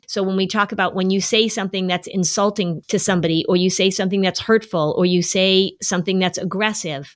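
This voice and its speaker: A woman hosting an advice show tells stories in a relaxed, easygoing way. She talks straight to her listeners and playfully acts out the people she quotes. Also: medium pitch. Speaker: podcast host, family advice. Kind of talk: casual advice talk to listeners.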